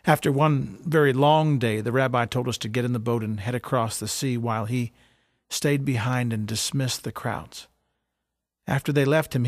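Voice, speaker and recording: A man telling a dramatic first-person story as a fisherman disciple, halting and stammering with wonder. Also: mid-range voice, no echo, studio quality. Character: fisherman disciple recalling his teacher, earnest.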